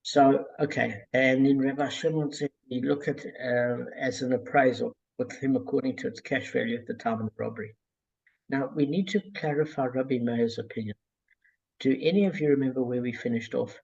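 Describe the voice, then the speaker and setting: A man leading a casual group study over a call, talking in a relaxed, digressive way with many fillers and a gravelly, husky voice. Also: medium pitch, a little fast, highs cut off. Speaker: Talmud study group leader.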